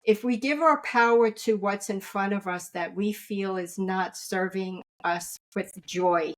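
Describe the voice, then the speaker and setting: Earnest woman telling a spiritual story. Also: medium pitch. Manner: warm, repetitive, checks in with "right?". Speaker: angel reader and spiritual guest.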